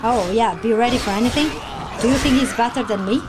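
A woman streamer reacting to a video game as she plays, excitable, gasping and yelling at the action. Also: fairly high pitch, fast talker. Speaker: gaming streamer. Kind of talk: let's play reaction. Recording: loud game music behind.

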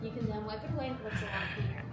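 A woman's voice: medium pitch, very fast. A woman leading a painting class, giving patient, encouraging step-by-step instructions in an indoor event room. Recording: echoey room, from far off, music.

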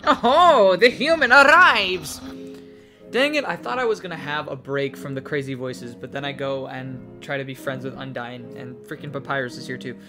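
A woman's voice: very deep voice, over music. A woman casually commenting as she plays a video game, muttering to herself. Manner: slow, muttering to herself while playing. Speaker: let's play host.

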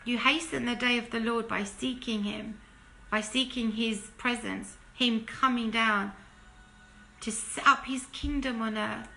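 A woman's voice: fairly even intonation, unhurried, gravelly, soft background music. A woman delivering an impassioned, preachy monologue to camera, pressing her points with rhetorical questions. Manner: drops to a hushed, low plea when urging repentance. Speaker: Christian video commentator.

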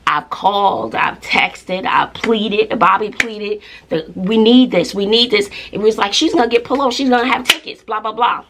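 A woman's voice: medium pitch, moderate pace, gravelly, few pauses, background noise. A middle-aged woman, chatting casually to her viewers in an emphatic way, repeating herself and often laughing. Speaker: vlogger, mother. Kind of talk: casual chat to camera.

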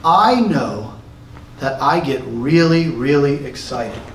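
A man giving a church lesson to his congregation, excitable and emphatic, sometimes shouting. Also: medium pitch, slow pace, far from the mic, a little hiss or hum. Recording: roomy echo, recorded from afar.

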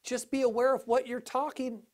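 A male pastor preaching a sermon, telling a folksy story with big swings between quiet and loud. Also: extremely high pitch, flat delivery, moderate pace.

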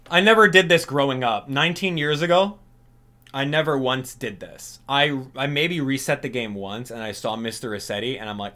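A man giving casual, jokey gameplay commentary in an excitable way. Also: medium pitch, moderate pace, faint music behind. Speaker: gaming YouTuber.

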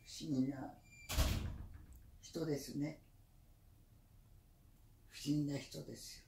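A woman's voice: deep voice, fairly even intonation, moderate pace, vocal fry, dark tone, a little hiss or hum. An older woman, a grandmother, talking at home in a doting, praising way. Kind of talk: casual family talk. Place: indoors at home. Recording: roomy room echo.

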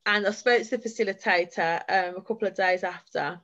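A woman's voice: mid-range voice, brisk, fairly bright tone, highs cut off. A woman giving an earnest, heartfelt personal testimony as a guest speaker at a forum, talking in long flowing runs. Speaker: guest speaker sharing her experience.

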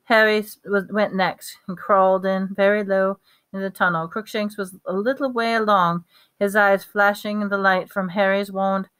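Woman reading a storybook aloud, halting. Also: mid-range voice, level tone, fairly bright tone, clear, resonant tone. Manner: halting, stumbles and self-corrections. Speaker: reader.

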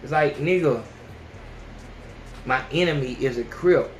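A man hosting a podcast, ranting casually and with plenty of profanity, who often jumps into high yelling voices to mimic people. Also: unhurried, roomy sound, dull audio, a little hiss or hum. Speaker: podcast host. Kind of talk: casual opinion rant.

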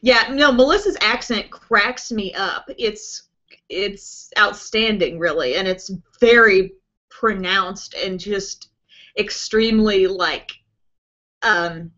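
A woman beauty vlogger chats loosely through viewer questions on a live stream. She rambles along with plenty of fillers, and her voice is bright and a little sharp. The stream audio is dull and lo-fi. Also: mid-range voice, slow. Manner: chatty, rambling, with many fillers like "um" and "like". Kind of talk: casual chat answering viewer questions.

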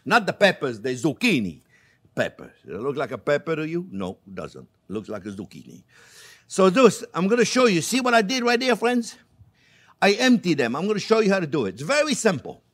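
High-voiced older chef, chatty and joking. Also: male voice, big pitch swings, fairly quick, a bit bright. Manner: chatty and joking, calls viewers my friends. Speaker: chef and cooking show host. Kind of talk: casual cooking demonstration. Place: home kitchen.

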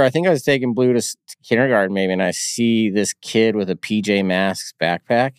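A man hosting a podcast interview, reflective and soft-spoken as he shares his own experience of grief. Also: fairly low pitch, smooth, dry recording, studio quality. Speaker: podcast host. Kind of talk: candid conversational interview.

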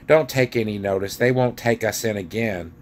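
A man voicing a group of stubborn, suspicious male dwarfs in a storybook reading, loud and scoffing. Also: normal speed, a little hiss or hum, close to an everyday voice. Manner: loud, scoffing and higher-pitched than the narration.

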